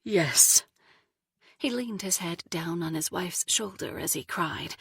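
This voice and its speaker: A woman reading an audiobook in a soft, slow narration, lightly voicing each character. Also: lowish voice, creaky, slightly rough, dry recording, studio quality. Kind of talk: scripted narration.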